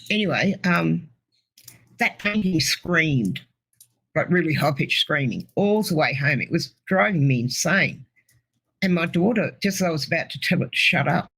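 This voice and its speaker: Middle-aged woman, gravelly and a touch husky, giving a halting, earnest testimony. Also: lowish voice, a bit bright, poor audio. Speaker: interview guest. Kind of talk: personal testimony.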